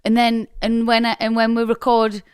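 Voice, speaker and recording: A hungover woman co-hosting a relaxed chat show, chatty and self-mocking, laughing easily. Her voice sits close and dry to the mic. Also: a little high, normal speed, clear, resonant tone, no echo. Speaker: podcast co-host. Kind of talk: casual chat.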